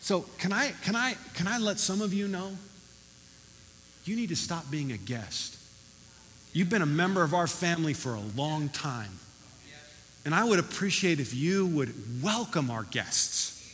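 A man preaching a sermon as pastor, animated and emphatic, recorded in a church hall. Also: fairly high pitch, moderate pace.

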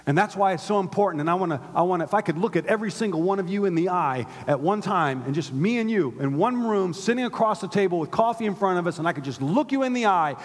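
Husky male preacher in a reverberant hall. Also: high voice, expressive, quick pace, hardly any pauses. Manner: call-and-response preaching, swings from hushed to loud. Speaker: pastor. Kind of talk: sermon. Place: synagogue hall used by a church. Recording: long reverb of a large hall.

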